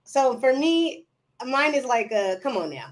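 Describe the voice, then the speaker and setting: A woman's voice: high-pitched, sing-song, unhurried. A woman entrepreneur talking as a podcast guest, easygoing and thoughtful in casual conversation.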